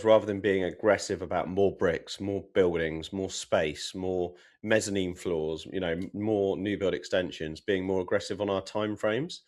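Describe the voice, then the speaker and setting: A man co-hosting a podcast, explaining his business approach in a measured, casual way. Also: low-pitched. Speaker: podcast co-host, property developer.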